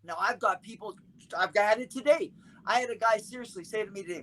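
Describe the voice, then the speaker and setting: A middle-aged man with a notably high-pitched voice talks as a podcast guest. He tells his stories emphatically and animatedly, swearing freely, with a faint hiss of noise behind him. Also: a little fast, rough recording. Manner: emphatic, profane, animated storyteller. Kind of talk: casual storytelling chat.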